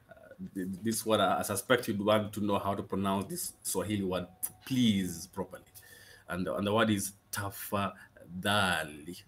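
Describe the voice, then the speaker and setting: A man teaching useful phrases in a casual lesson, patiently repeating each one slowly and checking in with frequent okays. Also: deep voice, a little hiss or hum. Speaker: Swahili language teacher. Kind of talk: casual spoken language lesson.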